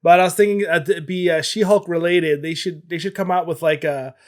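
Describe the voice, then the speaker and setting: Relaxed man chatting on a panel. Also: sits high, a little fast. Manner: relaxed, hesitant with ums. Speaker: podcast panelist. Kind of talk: casual chat.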